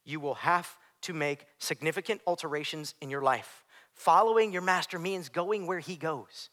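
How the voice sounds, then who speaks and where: A man preaching with a high, bright, ringing voice that carries through a big reverberant hall. He swings from hushed, almost whispered lines to full-throated shouting. It has the sound of a pastor delivering a live sermon. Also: normal speed.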